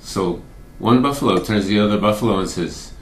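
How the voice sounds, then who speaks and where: A man telling a joke in an unhurried way, repeating phrases as he builds it. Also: on the low side, echoey room. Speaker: joke teller.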